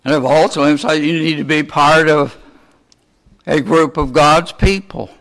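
A man preaching a sermon, asking his listeners many rhetorical questions in a slow, deliberate way. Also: a little high, fairly even intonation, fairly bright tone.

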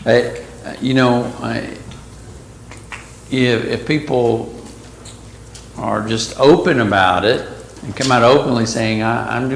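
In an echoey room with faint background noise, a Bible study teacher with a creaky, mid-range voice leads a casual class. He talks slowly, reading verses aloud and pausing to explain them.

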